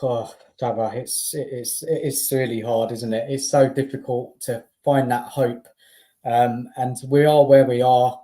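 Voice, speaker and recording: Mellow-voiced exasperated football pundit. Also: medium pitch, fairly even intonation, measured pace. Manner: exasperated, stammering, emphatic. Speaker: guest pundit on football stream. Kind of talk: casual football chat.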